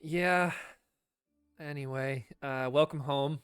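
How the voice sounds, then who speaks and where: Brisk businesswoman officer played by a man, clear smooth voice, dry sound. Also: low-pitched, fairly even intonation, no room sound, soft background music.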